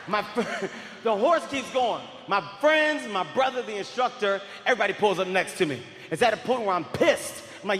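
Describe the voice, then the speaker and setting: A man in his forties doing stand-up comedy, telling a story in an animated, often shouting, profane way on stage at a large live venue. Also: sits high, normal speed, a little hiss or hum. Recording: echoey hall with crowd ambience.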